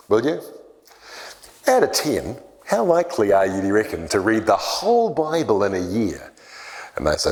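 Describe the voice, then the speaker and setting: A man's voice: lowish voice, moderate pace. A man giving a church leadership talk on discipleship, telling stories and acting out the voices in them. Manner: animated storyteller acting out quoted voices.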